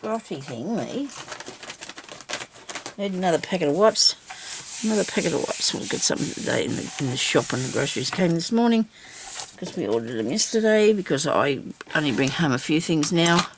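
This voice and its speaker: A woman's voice: sits low, expressive, fairly quick, slight background noise. An older woman chatting to herself while she crafts at a table at home. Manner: chatty, talks to herself, laughs often. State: seated, busy cutting and inking. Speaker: crafter hosting a journal video. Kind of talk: casual crafting chat.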